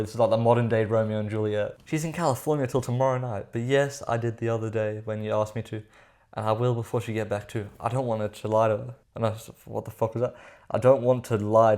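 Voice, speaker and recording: A man's voice: medium pitch, a little mellow. A young man giving comedic commentary while reading text messages aloud, sarcastic and exasperated, with casual slang. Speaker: reaction commentator.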